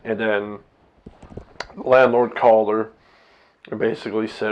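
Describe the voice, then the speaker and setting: Blunt, slow-talking man venting to camera. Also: fairly low pitch, little pitch movement, highs cut off. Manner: blunt, profane, rambling with restarts. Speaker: vlogger, husband and father. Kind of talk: candid monologue to camera. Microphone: camera set up by himself.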